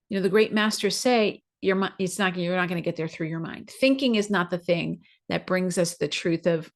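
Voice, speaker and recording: A woman hosting a podcast, telling a personal story in a conversational way, acting out her own thoughts as quoted asides. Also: medium pitch. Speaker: podcast host.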